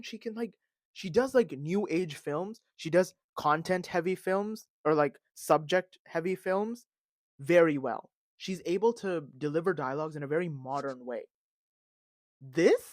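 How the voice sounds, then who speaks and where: A man hosting a podcast, talking in a casual, animated and dramatic rant full of fillers and recorded on a phone. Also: a little high, dry recording, clean studio sound. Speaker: podcast host. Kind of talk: casual ranting commentary.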